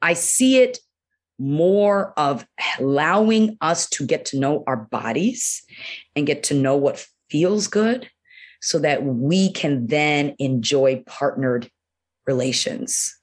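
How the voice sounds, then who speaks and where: A woman doctor with a low-pitched voice talks openly about the body in a relaxed interview. She is candid and animated, often slipping in "you know" and acting out little quotes in other voices. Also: slow. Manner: frank, animated, many "you know" fillers, acts out quotes. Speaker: urologist guest.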